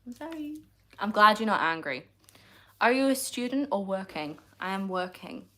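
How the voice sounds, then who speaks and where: A woman's voice: medium pitch, big pitch swings, moderate pace, a bit bright. A woman, chatting casually on a livestream, answering comments in a playful, teasing way and laughing often.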